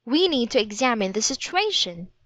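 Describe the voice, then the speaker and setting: A woman's voice: on the high side, very animated, normal speed, fairly bright tone, dry recording, pitched above the performer's own voice. A woman voicing a cautious, worried young boy in a storybook reading, protesting anxiously. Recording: dry, slightly dull audiobook recording.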